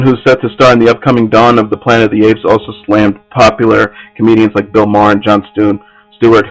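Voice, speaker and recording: A man's voice: on the low side, poor audio. A man hosting an entertainment news podcast, reading stories aloud with frequent slips and restarts.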